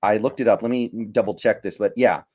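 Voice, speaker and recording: A man's voice: lowish voice, brisk, a little mellow. A man co-hosting a casual sports podcast, giving matter-of-fact analysis. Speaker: podcast co-host.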